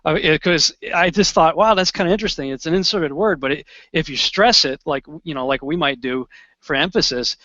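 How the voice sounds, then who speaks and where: A man co-hosting a Bible study show, chatting in a relaxed way and reading verses aloud. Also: a little high, a little fast, dry recording. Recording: dull lo-fi dry recording.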